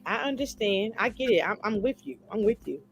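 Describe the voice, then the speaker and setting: A woman's voice: mid-range voice, animated, fairly quick, faint music behind. A woman chatting casually, eagerly agreeing and backing up the speaker. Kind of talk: casual chat.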